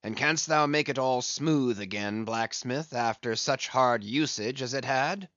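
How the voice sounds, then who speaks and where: A man doing a brooding, obsessed old sea captain from an audiobook, giving commands in slow, weighty, old-fashioned speech. His voice is plain in pitch, and the dry recording sounds a little dull. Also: a bit bright, no echo, natural voice. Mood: intense. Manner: passionate, commanding, archaic speech.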